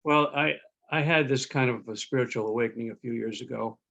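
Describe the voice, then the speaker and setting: A man's voice: medium pitch, fairly quick, creaky, fairly bright tone. A man taking part in an online workshop over a video call, speaking hesitantly and correcting himself as he shares. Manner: hesitant, self-correcting, chuckles. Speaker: workshop participant. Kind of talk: casual group sharing. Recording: dull lo-fi video call audio.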